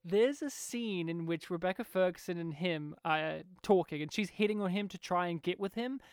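Animated, laughing woman co-host. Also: lowish voice, moderate pace, clear, resonant tone, no room sound, clean studio sound. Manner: animated, laughs often, acts out scenes. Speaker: podcast co-host. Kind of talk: casual film discussion.

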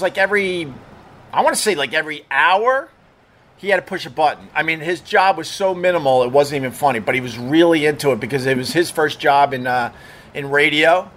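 Rambling, slightly high-voiced middle-aged man. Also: a bit bright. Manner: rambling, profane, loose with fillers and restarts. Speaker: former radio DJ telling stories. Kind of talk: casual storytelling monologue.

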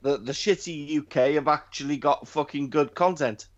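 A man's voice: on the high side, normal speed. A man, co-hosting a podcast in casual chat, ranting and swearing freely. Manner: profane, ranting. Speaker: podcast co-host. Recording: slightly dull lo-fi sound.

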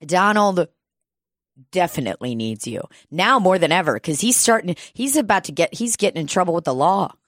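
A woman's voice: fairly low pitch, no echo, clean studio sound. A woman telling a story in casual chat, swearing freely and acting it out with energy. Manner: profane, animated storyteller.

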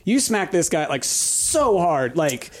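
A man's voice: on the high side, very animated, slow pace. A man running a tabletop game as game master, rambling with many fillers and restarts.

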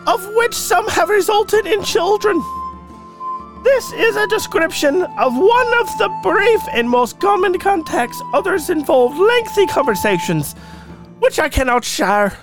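Irish lady telling fairy stories, a guy doing the voice, real high, slow and dreamy. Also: sing-song, music in the background, heavily acted. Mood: earnest. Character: Irish woman telling of meetings with fairies. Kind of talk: reading listener stories aloud.

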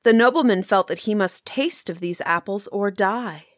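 A woman reading an old folk tale aloud in a measured storybook manner. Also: medium pitch, dry recording, studio quality.

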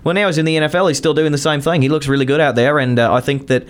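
A man co-hosting a sports radio show, giving relaxed football analysis with fillers. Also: a little high, very fast, clear, resonant tone. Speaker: radio co-host.

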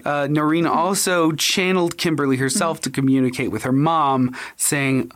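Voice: mid-range voice, steady tone, normal speed, few pauses, a bit bright. A podcast host recounting a story in a casual, conversational way, with swearing and laughs.

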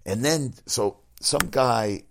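A man's voice: mid-range voice, slow pace. A middle-aged man hosting casual sports talk, rambling and swearing as he tells stories and reacts to the news. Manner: rambling, profane, animated storytelling. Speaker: sports talk show host.

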